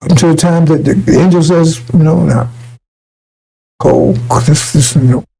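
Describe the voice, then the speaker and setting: A man with a gravelly, husky voice delivers fired-up commentary. He rambles and restarts his sentences often, and his tone is dark and mellow. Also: fairly high pitch, moderate pace, poor audio. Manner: fiery, rambling with many restarts. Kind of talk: emotional spoken commentary.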